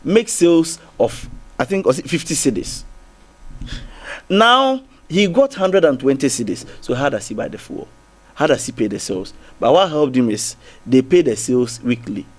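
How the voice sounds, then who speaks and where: A man's voice: medium pitch, expressive, moderate pace. A man with a Ghanaian English accent arguing as a guest on a TV panel, circling back with repeated restarts and rhetorical questions. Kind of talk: heated TV panel debate.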